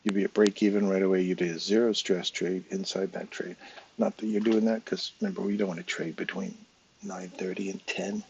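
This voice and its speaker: A man's voice: sits low, flat delivery, fairly quick, gravelly, darkish tone, lo-fi sound, a little hiss or hum. An English man with a casual, chatty manner, talking viewers through a trading chart live, step by step. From England. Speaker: trading educator.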